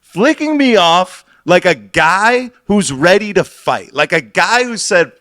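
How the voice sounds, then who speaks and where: A man's voice: high voice, expressive, slow pace, bright, forceful tone, no echo, clean studio sound. A young man co-hosting a podcast, telling a rambling, profane story about DJing in casual chat. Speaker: podcast co-host and DJ.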